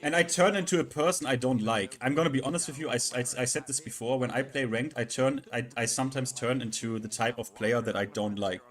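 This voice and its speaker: Guy chatting on his stream, keeps stumbling and repeating himself, normal pitch. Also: fairly bright tone. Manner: halting, repeats words, many fillers. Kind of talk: casual live-stream chat.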